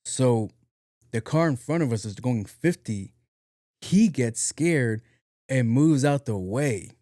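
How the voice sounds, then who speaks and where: A young man from New York hosting a podcast, telling a long story in a casual, animated, profane and self-mocking way. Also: medium pitch, slow pace, no room sound, studio quality. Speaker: podcast host.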